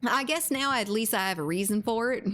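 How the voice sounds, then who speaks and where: A woman's voice: a little high, brisk, fairly bright tone. Chatty, profane woman game streamer. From Latin America. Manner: chatty, profane, laughing often. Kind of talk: casual gaming stream chat.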